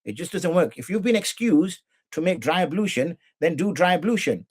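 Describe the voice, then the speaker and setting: Husky British man teaching religious law. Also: high-pitched, expressive, moderate pace. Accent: British English. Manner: demonstrative, rhetorical questions, mock dialogue. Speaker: mufti teaching Islamic law. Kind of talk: informal teaching talk.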